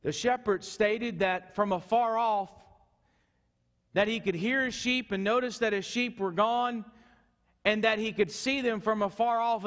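A male pastor delivers an earnest sermon in a high voice. He swings from urgent, loud stretches to soft, hushed ones. A long reverb fills the church sanctuary around him. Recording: echoey church hall.

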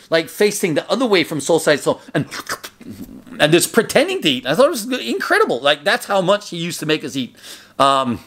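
Chatty man telling a story loosely. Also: fairly high pitch. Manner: chatty, loose, filler-heavy, with loud acted shouts in quotes. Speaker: memoir narrator. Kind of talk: casual spoken storytelling.

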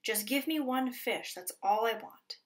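A woman's voice: on the high side, a little slow, recorded from a distance, lightly acted. A woman voicing a hungry trickster raven spirit. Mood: pleading. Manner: pleading, then threatening.

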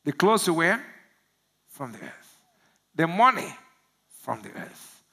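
A pastor from Nigeria preaching a sermon, asking the congregation to finish his lines and swinging from low murmurs to loud shouts. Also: big pitch swings, slow, gravelly, breathy edge. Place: church service.

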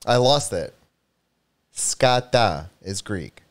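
A man's voice: fairly low pitch, expressive, drawn-out words. Teasing man co-hosting a livestream. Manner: teasing, jokey, trails off mid-thought. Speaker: co-host. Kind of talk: casual livestream chat.

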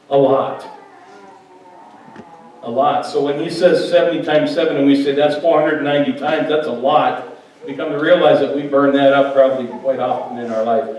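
A man's voice: mid-range voice, a little mellow, slight background noise. A male pastor preaching a sermon in a conversational way, joking with his congregation in a church hall. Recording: very echoey hall, mic far off.

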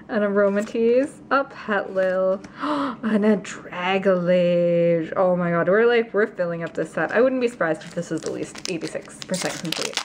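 A woman vlogging a card pack opening, gasping and gushing with excitement as she reads out each card. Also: mid-range voice, a little hiss or hum. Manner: gasping, gushing, breathless exclamations. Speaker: YouTuber opening trading card packs. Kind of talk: excited unboxing vlog.

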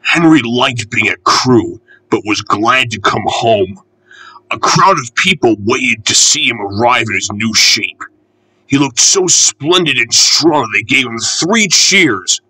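A man's voice: a little slow, slightly rough, dry recording, rough recording. Man reading a children's storybook. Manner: lively, voices each engine with higher pitch. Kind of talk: storybook narration with character voices.

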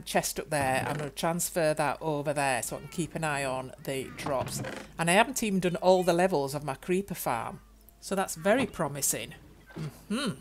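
An older woman, chatting excitedly to herself as she plays a video game. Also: low voice, a little hiss or hum. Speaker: gaming YouTuber. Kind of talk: game commentary.

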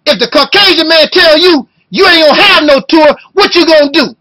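A man in his fifties delivering an impassioned video rant, talking loud and emotional and firing off rhetorical questions. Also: very high-pitched, fairly quick, rough recording. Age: 50s. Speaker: video blogger.

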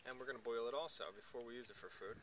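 A man's voice: medium pitch, very fast, background noise. Man chatting on a mountain hike. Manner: explains steps as he goes. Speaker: hiker filming a trip. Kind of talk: casual outdoor chat. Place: outdoors on a mountain trail.

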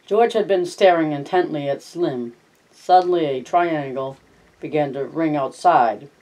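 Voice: medium pitch, a little slow, darkish tone, far from the mic, low-quality recording. Plain reader of a novel. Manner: plain reading with brief remarks. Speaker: reader of a study guide. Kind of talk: reading aloud with personal asides.

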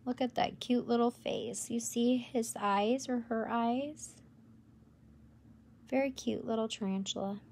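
A woman educator presenting tarantulas in a live stream, enthusiastic and gentle, cooing at the animals. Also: a little high, fairly even intonation, measured pace, a little hiss or hum. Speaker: insect zoo educator. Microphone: livestream camera mic.

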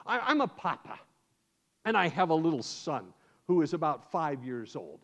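An American man with a high voice gives a sermon as a guest preacher, acting out scenes as a storyteller. His voice comes through dull and lo-fi. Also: normal speed. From United States. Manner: animated, acts out scenes in first person. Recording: dull lo-fi sound.

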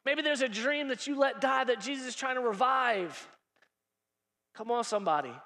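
A man preaching a lively sermon, acting out dialogue and rising to shouts. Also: extremely high pitch, moderate pace, in a large hall. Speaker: pastor. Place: large church hall.

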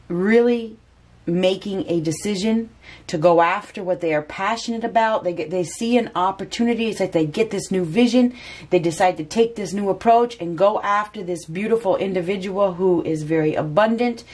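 A woman's voice: lowish voice, darkish tone. A woman giving a casual spoken tarot reading, chatty and repeating phrases for emphasis. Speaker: tarot reader.

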